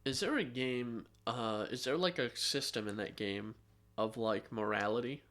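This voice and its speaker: This man co-hosts a podcast in relaxed, conversational banter. He teases his partner with a dry, joking edge. He often hesitates on filler words before getting to his point. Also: mid-range voice, moderate pace. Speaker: podcast co-host. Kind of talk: casual chat about video games.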